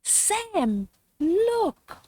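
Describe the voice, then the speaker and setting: A tiny, squeaky storybook mouse girl who lives in breathless exclamations, as a woman puts her on. The voice sits very high and jumps all over. The recording is close and dry. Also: very animated, very slow, dark tone, dry recording, exaggerated voice. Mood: awed. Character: excited little girl mouse, squeaky and eager.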